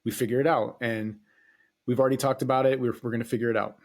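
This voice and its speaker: Talking fast in a mid-range, level voice, this man runs a podcast by himself. It's a casual, meandering monologue with free swearing and lots of hesitation.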